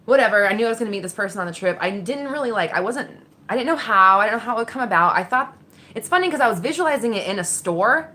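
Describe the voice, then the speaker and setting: A woman telling a personal story casually, candid and animated, swearing freely and acting out the voices in her head. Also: medium pitch. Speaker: vlogger.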